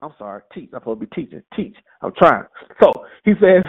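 Brief: lively male Bible teacher, gravelly fry, tinny phone-like sound. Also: mid-range voice, normal speed. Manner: lively, conversational, with rhetorical questions. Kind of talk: casual Bible teaching, reading and commenting.

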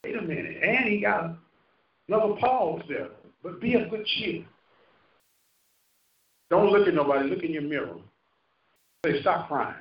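This is a man in his fifties preaching in a church sanctuary, his voice a little high and expressive at normal speed with frequent pauses. He uses call-and-response, rising and falling for emphasis, and the recording sounds roomy and muffled from a distance.

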